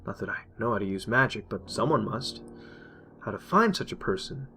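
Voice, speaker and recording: A man reading a dark first-person story aloud, intense and emotional. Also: lowish voice, big pitch swings, brisk, gravelly. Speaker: narrator. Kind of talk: dramatic horror story reading. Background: faint music.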